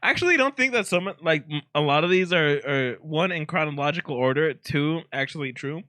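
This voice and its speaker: Tipsy bright-voiced man reading notes. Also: a little high, animated, brisk, dry recording. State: drunk. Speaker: podcast co-host. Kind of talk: casual chat. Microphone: close podcast mic, clipping.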